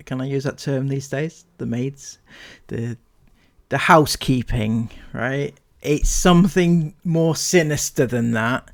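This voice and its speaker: A man's voice: medium pitch, takes it slowly. A man hosting a commentary video, making dry, mocking asides about vlog clips. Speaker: commentary YouTuber.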